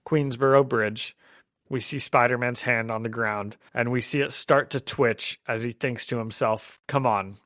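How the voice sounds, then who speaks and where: A man hosting a casual comic book podcast, animated and quick to laugh. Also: mid-range voice, no room sound, studio quality. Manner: animated, laughs often, acts out quotes. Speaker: podcast host.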